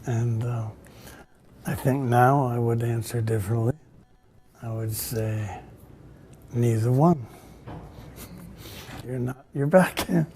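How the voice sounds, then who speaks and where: Older male coach, interview guest, unhurried and reflective, mid-pitched, voices the people in his anecdotes. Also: mellow, a little hiss or hum. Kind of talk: storytelling in a conversation.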